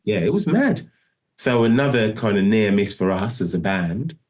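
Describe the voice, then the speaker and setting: A man's voice: fairly low pitch, very animated, moderate pace, darkish tone. A middle-aged man telling a long story in a casual interview, rambling and restarting often. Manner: rambling, full of restarts and "do you know what I mean". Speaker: guest musician.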